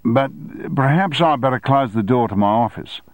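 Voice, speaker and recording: A man's voice: medium pitch, moderate pace, no room sound, voice pushed up, close to an everyday voice. A man voicing a male Australian newspaper editor with an Australian accent, slightly breathless and eager to please.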